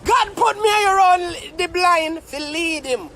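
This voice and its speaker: A man's voice: very high voice, a little slow, bright, forceful tone, slight background noise. A young Jamaican man ranting on a live stream, mock-tearful and theatrical. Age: young adult. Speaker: social media commentator.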